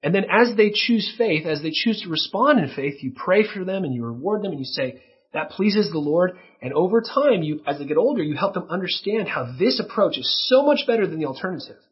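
A middle-aged man delivers an earnest sermon on parenting in a very husky, breathy voice that sits a little high for a man. The recording sounds dull and muffled, and he teaches patiently, softening into quiet acted examples. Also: lively intonation, fairly quick. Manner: earnest teaching, acts out child role-play softly. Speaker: pastor.

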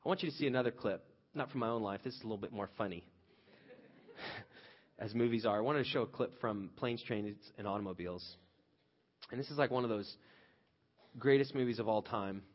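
Pastor preaching in a dull, reverberant hall. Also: male voice, fairly low pitch, a little fast, long pauses. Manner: conversational storytelling with frequent restarts, rising loud when quoting himself. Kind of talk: sermon.

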